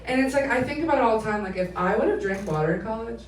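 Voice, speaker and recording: A woman in her twenties performing a stand-up comedy set, telling stories in an animated way and acting out the voices of the people in them. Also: fairly high pitch, very fast, slight background noise. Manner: animated storytelling that acts out quoted voices, laughing between lines. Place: comedy club stage. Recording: roomy live club sound, mic at a distance, loud audience.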